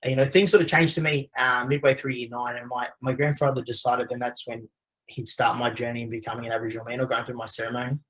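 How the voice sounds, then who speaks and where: An Australian man tells a personal story to a webinar audience. He talks quickly and conversationally, filling gaps with easy fillers. His voice sits at an ordinary middle pitch. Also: little pitch movement, a bit bright, low-quality recording. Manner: conversational, frequent "you know" fillers. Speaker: webinar presenter.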